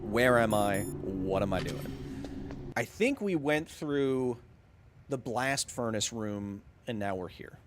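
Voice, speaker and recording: A young man streaming a video game live, joking and talking excitedly with his chat. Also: lowish voice, takes it slowly, slight background noise. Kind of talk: casual let's-play chat.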